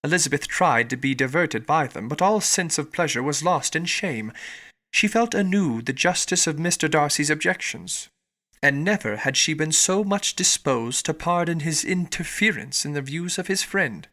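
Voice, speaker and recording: A man narrating a classic novel in a measured, formal reading. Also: fairly high pitch, lively intonation, pushed and bright. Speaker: audiobook narrator. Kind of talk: scripted narration.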